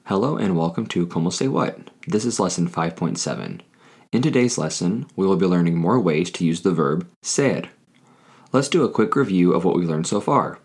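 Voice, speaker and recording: A man hosting a scripted Spanish lesson, speaking deliberately and repeating each phrase for learners. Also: deep voice, lively intonation, a little mellow, breathy edge. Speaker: Spanish teacher.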